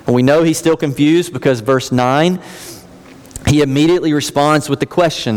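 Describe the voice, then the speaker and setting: A man's voice: on the high side, steady tone, normal speed, a little mellow, clean tone. A man in his thirties, a pastor preaching an earnest sermon and reading scripture aloud. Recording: long reverb of a large hall.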